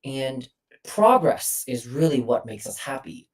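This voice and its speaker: Low-voiced woman coaching on a distant call mic. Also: expressive, measured pace, darkish tone. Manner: explains with many hesitations and fillers. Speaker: voice coach, guest. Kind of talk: instructive interview answers.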